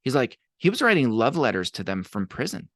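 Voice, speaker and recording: Appearing as a podcast guest, this abuse advocate speaks briskly in a mid-range voice, captured in studio quality without room sound. He shares stories conversationally and animatedly, performing the voices of the people he quotes.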